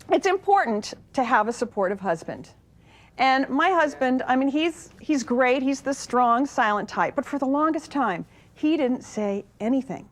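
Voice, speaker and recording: A woman in her forties performing a stand-up comedy routine with punchy, wry joke delivery. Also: a little high. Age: 40s.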